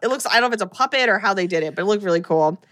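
A woman hosting a casual podcast chat, retelling a horror movie plot with animated storytelling and acted-out lines. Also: mid-range voice, rapid-fire, slight background noise. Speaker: podcast host recapping a film.

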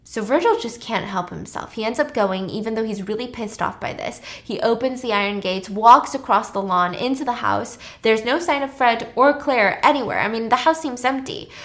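A woman's voice: a little high, normal speed, few pauses. A woman casually retelling a film's plot with chatty, slangy asides and laughs. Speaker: storyteller host.

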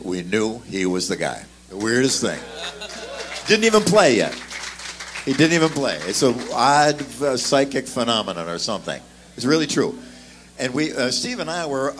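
A man's voice: mid-range voice, a bit bright. Guy reminiscing on a panel, lots of uh, voice going up and down, faint background noise. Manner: enthusiastic, with many fillers. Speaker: bass player guest. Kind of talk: casual recollection on a panel.

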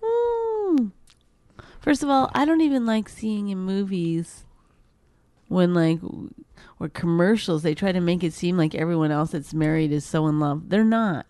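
A woman's voice: fairly low pitch, animated, unhurried, warm tone, dry recording. A woman co-hosting a podcast, bickering with her husband in a blunt, sarcastic way and swearing freely. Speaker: podcast co-host. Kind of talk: casual bickering chat.

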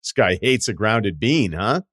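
A man's voice: fairly low pitch, animated, measured pace, fairly bright tone, no room sound, studio quality. A man hosting a podcast advice segment, reading listener letters aloud and answering in a candid, joking way with rambling asides. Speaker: podcast host.

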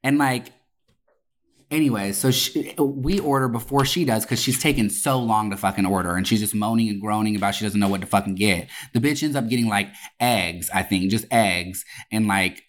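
Telling a story on a podcast, a young adult co-host keeps it casual, animated and profane, throwing in sworn oaths for emphasis. The voice is mid-range and the speed normal.

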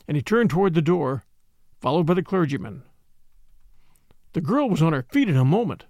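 Man narrating, expressive storytelling, high voice, dry close sound. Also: normal speed, pauses often, no echo. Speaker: audiobook narrator. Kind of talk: scripted narration.

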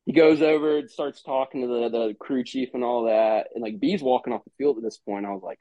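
A man's voice: medium pitch, brisk, hardly any pauses, dry recording. Man telling a story, dull dry sound. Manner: animated, rambling, acts out quoted exchanges. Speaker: former college baseball player, guest. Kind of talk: casual podcast storytelling.

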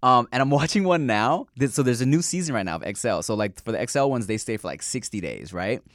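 Male podcast co-host, mid pitch, loose slangy storyteller, dry studio sound. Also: expressive, quick pace, dry recording. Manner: loose, profane storytelling full of "like" and "bro". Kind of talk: casual chat.

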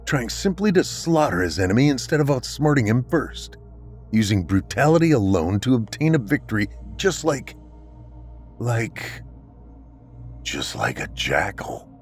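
A man narrating a scripted story in a dramatic, expressive reading. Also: medium pitch, measured pace, soft background music.

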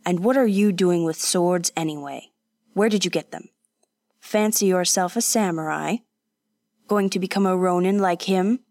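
A blunt old woodseller who scolds and lectures the young man in front of him, as a woman narrator plays him. His voice sits on the low side and is recorded close and dry, with no room sound. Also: moderate pace, darkish tone, no room sound, natural voice. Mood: gruff.

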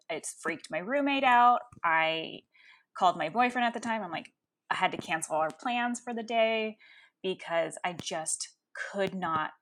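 A woman in her thirties, a coach and Reiki healer, telling a personal story in an animated, frank way with laughs. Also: medium pitch. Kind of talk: storytelling interview.

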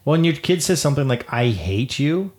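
A man's voice: fairly high pitch, moderate pace. A man in his thirties co-hosting a podcast, telling family stories in casual chat and acting out the voices he quotes. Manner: animated storyteller, acts out quotes. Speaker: podcast co-host.

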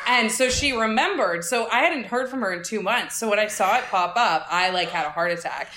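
Bright animated woman telling a story. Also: medium pitch, echoey room, slight background noise. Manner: animated storyteller, quick and laughing. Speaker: podcast guest. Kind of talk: casual chat.

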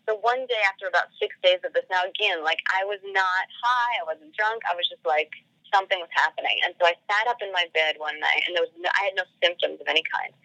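A woman's voice: fairly low pitch, fast, pushed and bright, no echo, rough recording. A woman guest on a podcast telling a personal story casually, full of "like" fillers and acted-out quoted dialogue.

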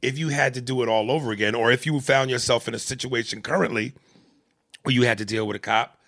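A man's voice: medium pitch, fairly even intonation, fast, fairly bright tone. A man hosting a casual chat, probing his guest with pointed questions.

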